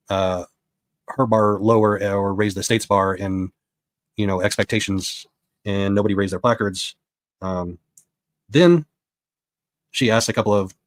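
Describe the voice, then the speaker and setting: A man's voice: lowish voice, dry recording. A man giving a casual spoken recap of a court session as a reporter, retelling what was said with quoted dialogue.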